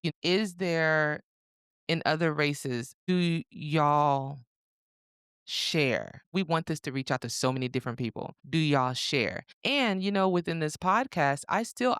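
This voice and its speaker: Woman from africa cohosting a podcast, candid and animated, smooth voice, dry close sound. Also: sits low, dry recording. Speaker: podcast co-host. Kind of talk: casual podcast chat.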